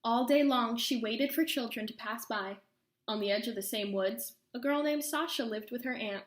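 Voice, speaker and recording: Storybook reader, female, a touch high, expressive read-aloud, roomy echo. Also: moderate pace. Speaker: storyteller reading a children's book.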